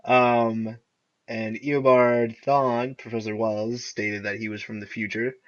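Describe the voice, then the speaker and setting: A young man co-hosting a podcast in casual chat, excitedly recapping TV episodes and often laughing as he retells scenes. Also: mid-range voice, takes it slowly. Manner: excitable, laughs often, acts out characters' lines. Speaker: podcast co-host. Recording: dull lo-fi recording.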